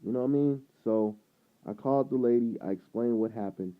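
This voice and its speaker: A man talks straight to camera in an easy vlog style, winding through a story and slipping into the voices of the people in it. His voice sits at an ordinary pitch. The sound is narrow and tinny, like a phone line. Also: fairly quick. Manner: rambling, animated retelling with quoted dialogue. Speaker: vlogger.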